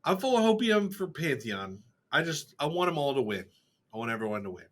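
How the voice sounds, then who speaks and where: A man co-hosting a casual gaming podcast, eager and excitable, often repeating his words. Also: a little high, brisk. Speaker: podcast co-host.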